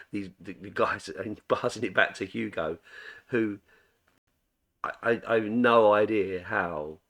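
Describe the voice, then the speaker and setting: A man's voice: low voice, fairly bright tone. A middle-aged man casually reviewing a football match as a fan, rambling with frequent restarts. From England. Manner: rambling, full of restarts and fillers.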